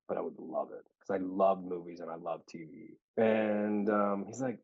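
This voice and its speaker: A man, an actor being interviewed, telling personal stories in a lively, casual way, acting out the people he quotes and laughing often. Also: deep voice, a little fast, gravelly, few pauses, husky, muffled recording. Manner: animated storyteller, acts out quoted voices, laughs often.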